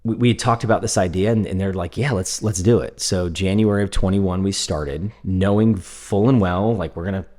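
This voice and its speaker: A man with a fairly low voice, chatting casually as a podcast host. He tells stories with energy and laughs often. He sounds middle-aged and speaks from a podcast studio. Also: moderate pace, hardly any pauses. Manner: animated storyteller, laughs often. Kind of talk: casual conversational interview.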